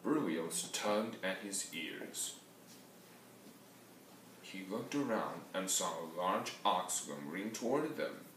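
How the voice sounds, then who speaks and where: A man reads a picture book aloud at an unhurried pace, his pitch rising and falling with the story. He sits away from the mic in an echoey room with a faint hum of ambience behind him. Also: recorded from a distance. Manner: slow, lively storybook delivery with sound effects. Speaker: reader.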